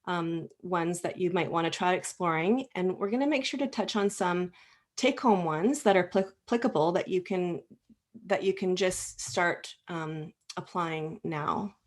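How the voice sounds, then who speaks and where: A woman talks through a health topic in a relaxed, conversational way, her sentences full of ums and restarts. She speaks earnestly and directly to the listener, like a practitioner explaining things to patients. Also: fairly low pitch, measured pace. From Canada. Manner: warm, earnest, conversational with many fillers and restarts. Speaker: acupuncturist and clinic co-owner giving a health talk. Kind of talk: informal educational talk. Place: indoors, presenting slides.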